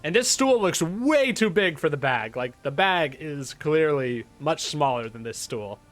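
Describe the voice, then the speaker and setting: A man runs a tabletop game, narrating in a lively, chatty way. His voice is bright, and his pitch moves a lot. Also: measured pace. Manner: animated, chatty, laughing narration. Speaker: dungeon master.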